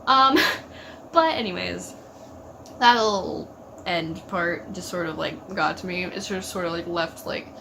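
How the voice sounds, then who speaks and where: A woman's voice: mid-range voice, background noise. A woman hosting a casual solo discussion, rambling with lots of fillers and exasperated asides. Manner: rambling, frustrated, with frequent fillers and laughs. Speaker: YouTube TV reaction host.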